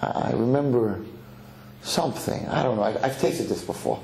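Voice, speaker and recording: A man's voice: medium pitch, animated, normal speed, vocal fry, warm tone, a little hiss or hum. A man telling a parable, voicing a young prince who was kidnapped and made a kitchen slave, in an echoey hall. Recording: echoey hall, faint ambience.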